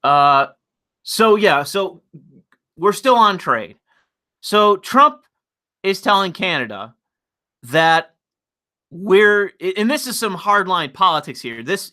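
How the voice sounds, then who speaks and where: A man's voice: a little high, sharp tone. A man hosting a livestream, ranting casually in a profane, rambling, mocking way. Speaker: livestream host.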